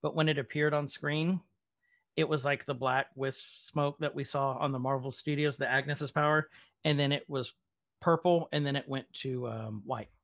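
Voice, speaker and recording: A man's voice: mid-range voice, fairly even intonation, moderate pace, fairly bright tone, no echo. A man hosting a casual recap chat, rambling along with plenty of ums. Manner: chatty, rambling with many ums. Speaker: podcast host.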